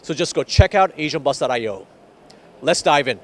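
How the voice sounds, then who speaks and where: A man's voice: a little high, lively intonation, moderate pace, a bit bright, slight background noise. A man giving an upbeat, scripted narration to open a street interview show.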